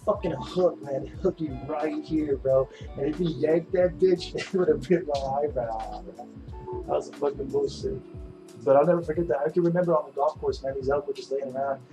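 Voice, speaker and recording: A man's voice: a little high, moderate pace, poor audio. A middle-aged man hosting a casual painting livestream, rambling in a laid-back way with lots of "man" and "dude" and plenty of swearing. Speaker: livestream host. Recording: music playing behind the voice.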